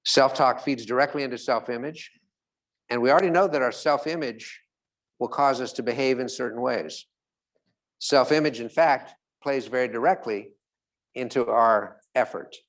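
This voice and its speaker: Man giving a slow-emphasis motivational talk. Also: mid-range voice, fairly bright tone. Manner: storytelling, asks the audience questions, slows down on key points. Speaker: motivational speaker. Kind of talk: motivational talk to a live audience.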